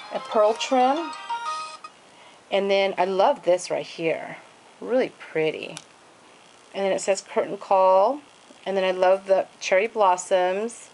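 A woman's voice: medium pitch, poor audio. Gushing woman showing off craft pages. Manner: gushing, many fillers and "and then". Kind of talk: casual show-and-tell.

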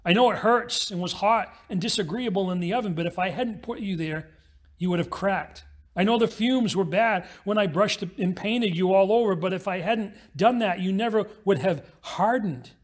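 A man preaching a sermon as pastor, telling a parable with quick, acted-out voices. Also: high voice.

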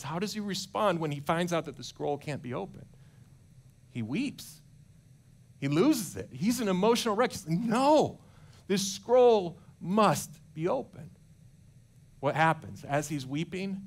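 Animated, higher-voiced male pastor preaching. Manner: animated, asks congregation questions, colloquial. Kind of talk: sermon. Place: church.

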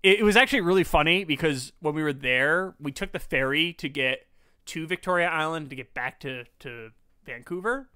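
A man's voice: on the high side, bright, forceful tone, clean tone, no echo, studio quality. A man hosting a casual podcast, rambling and joking with asides that trail off. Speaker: podcast host.

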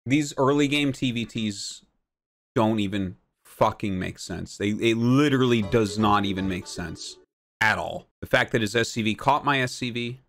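A man in his thirties streaming a video game, ranting in a profane, exasperated way and sometimes breaking into shouts. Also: medium pitch. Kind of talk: casual stream rant.

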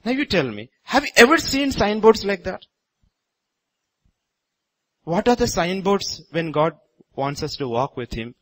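A man pastor from India preaching a sermon in a church, with sudden loud rises on repeated phrases. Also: sits high, sing-song, a little slow, long pauses, no echo, rough recording.

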